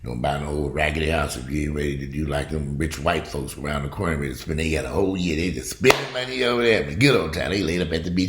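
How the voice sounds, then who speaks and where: A deep, gravelly male voice, blunt and full of profanity, jumping between loud outbursts and low muttering with a very lively pitch. He rants to camera in a casual vlog, from the United States and middle-aged. The sound is roomy and echoey. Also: fast. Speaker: vlogger. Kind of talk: casual ranting monologue to camera.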